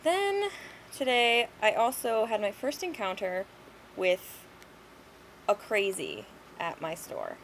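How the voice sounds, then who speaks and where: A woman's voice: mid-range voice, sing-song, takes it slowly, a little hiss or hum, low-quality recording. A young woman vlogging in a blunt, exasperated, sweary ranting monologue.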